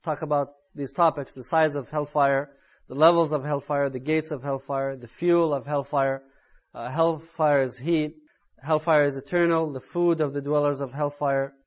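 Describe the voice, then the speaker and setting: High-voiced man preaching earnestly. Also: steady tone, moderate pace, lo-fi sound. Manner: earnest, building to loud, urgent emphasis. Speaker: Islamic preacher. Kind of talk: sermon.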